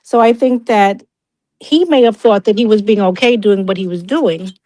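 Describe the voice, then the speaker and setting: A middle-aged woman with a New York accent, talking fast and restarting words as she argues her point in a casual debate. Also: medium pitch, a little mellow, low-quality recording.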